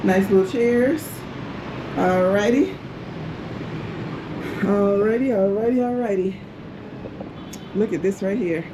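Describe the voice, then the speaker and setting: A woman's voice: mid-range voice, takes it slowly, pauses often, noisy background. A middle-aged woman filming a casual tour of her hotel room, exclaiming and laughing often. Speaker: travel vlogger. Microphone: handheld camera.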